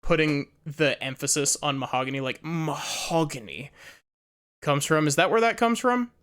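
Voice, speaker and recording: A woman's voice: low-pitched, animated, a little fast, clean tone. A woman streamer making chatty, rambling asides while playing a game. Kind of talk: casual let's-play commentary. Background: game music.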